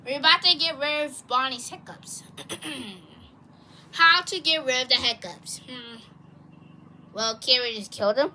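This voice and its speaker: Woman doing all the toy voices, slow, bright, excitable, lots of restarts. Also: high-pitched, slight background noise. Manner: excitable, rambling, with many restarts. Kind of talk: plush toy skit, one person doing all voices.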